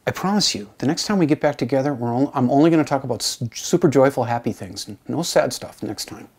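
A male composition instructor tells his students a personal story in an informal recorded lesson. He talks conversationally and acts out the lines other people said. In the sad stretches his voice drops low and hushed. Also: animated, fast talker, husky. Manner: conversational, acts out quoted dialogue with voice shifts.

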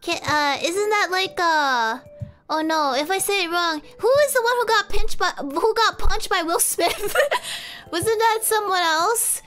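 A young woman chats on a live stream in a very high, bright, sharp voice, giggling often and rambling through guesses she keeps doubting. Faint music plays behind her. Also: a little slow. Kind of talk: casual live-stream chat.

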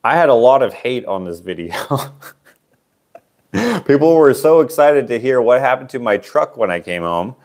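A man's voice: mid-range voice, sing-song, moderate pace, a little mellow. A man casually auctioning his own handmade sculptures on a livestream, rambling and self-deprecating, trailing off with fillers.

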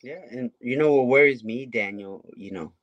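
A man's voice: medium pitch, moderate pace, no room sound, muffled recording. Man co-hosting, asking rhetorical questions. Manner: animated, asks rhetorical questions. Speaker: podcast co-host. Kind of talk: casual conversation.

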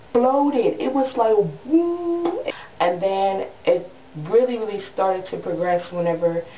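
A young woman in her twenties telling a story in a casual vlog, animated and dramatic, with quick voiced asides. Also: on the low side, a little hiss or hum. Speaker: new mother vlogger. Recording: distant mic in an echoey room, dull sound.

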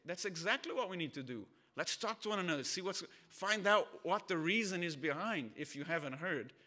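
A man's voice: on the high side, pushed and bright. A man from Brazil, a pastor, preaching a sermon in a conversational, storytelling way. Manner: conversational, storytelling with acted voices.

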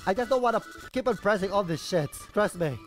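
A young man with a high-pitched voice that sounds stuffy from a cold, grumbling and swearing his way through a sarcastic gameplay commentary. Loud game music plays clearly underneath his voice throughout. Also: lively intonation, fairly quick. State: has a cold. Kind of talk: casual let's-play commentary.

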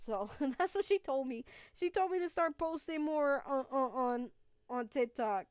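A woman's voice: sits high, a little slow, a little mellow, no echo, clean studio sound. A woman streaming a video game live, reacting aloud to the play and chatting with her viewers. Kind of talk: live gaming stream chat.

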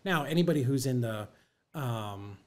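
Middle-aged guy telling a story on a podcast, animated, acts out the back and forth, cusses a lot, mid pitch. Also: normal speed. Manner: animated, acts out both sides of dialogue, swears freely, many "like" fillers. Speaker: podcast guest, real estate investor. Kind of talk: casual storytelling in a conversation.

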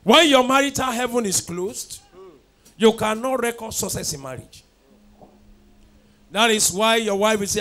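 High-voiced fervent pastor. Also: male voice, normal speed, fairly bright tone. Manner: fervent, repetitive call-and-response preaching. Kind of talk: sermon with sung prayer chants. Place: church at a night prayer service.

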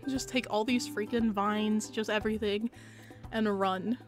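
A woman's voice: mid-range voice, steady tone, a little slow. A young woman streaming a video game, gushing and squealing with delight, with faint game music behind. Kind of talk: live gameplay stream chat.

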